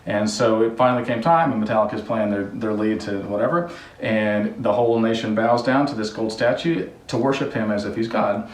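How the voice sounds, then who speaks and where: A man's voice: lowish voice, a little fast. Rambling man in an echoey workspace. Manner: rambling, jokey asides. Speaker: home repair video host. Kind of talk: casual storytelling and DIY instruction. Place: work area during a water heater install. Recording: echoey room, mic at a distance.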